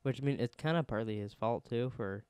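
A man's voice: mid-range voice, brisk, a little mellow, smooth, no room sound. A man co-hosting a casual podcast, chatty and rambling, laughing often. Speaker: podcast co-host. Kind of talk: casual chat.

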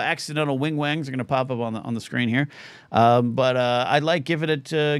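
A man's voice: a little high, fairly bright tone, dry recording. A middle-aged man with a Californian accent hosting a live call-in show, rambling and self-deprecating as he tells stories. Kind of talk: casual livestream talk-radio chat.

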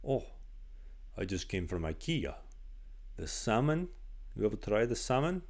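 A man's voice: lowish voice, very animated, a little slow, darkish tone, full character voice. A man voicing a stern Slovak hockey coach who never smiles, speaking in clipped, terse phrases with an Eastern European accent. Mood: gruff. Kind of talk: impression within podcast storytelling.

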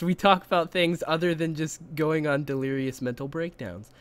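A man's voice: on the high side, normal speed, few pauses, clean tone. A young man hosting a casual podcast, rambling and giggling at himself as he talks. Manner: giggly, rambling, self-mocking. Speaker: podcast host.

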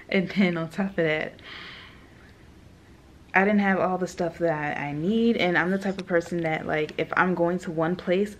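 A young woman, a flight attendant, telling animated stories in a casual vlog, laughing often and quoting people. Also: sits low, slight background noise.

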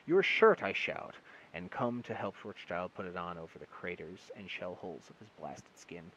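A man's voice: low-pitched, moderate pace, bright, forceful tone, slightly rough, low-quality recording. A man reading a short story aloud in one take on a phone, sometimes stumbling and restarting words. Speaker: amateur audiobook reader.

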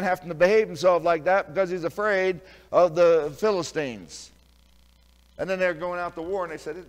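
A pastor preaching a sermon, telling folksy stories, laughing at his own tales and swinging from quiet asides to loud, emphatic preaching. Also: fairly high pitch, brisk.

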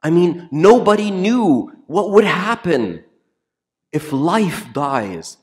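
Priest preaching with repeated emphasis. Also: male voice, high-pitched, sing-song, slow pace. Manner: emphatic, repeats key phrases, drops to a near whisper for quiet lines. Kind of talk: sermon. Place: church.

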